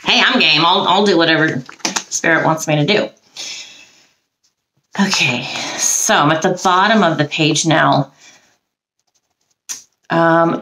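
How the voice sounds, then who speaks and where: A woman's voice: sits low, bright, forceful tone. A woman working as a psychic medium, reading case notes aloud and musing on them between frequent ums. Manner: halting, frequent ums, reads then muses aloud. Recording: roomy echo.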